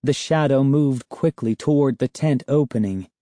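A man narrating a chapter of a children's book in a measured storytelling way. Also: medium pitch, mellow, no echo, clean studio sound. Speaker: audiobook narrator. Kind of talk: scripted narration.

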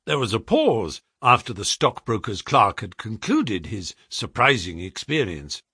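Expressive man reading a story aloud. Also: lowish voice, a little slow, breathy edge, no room sound, clean studio sound. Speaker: audiobook narrator. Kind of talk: storybook narration.

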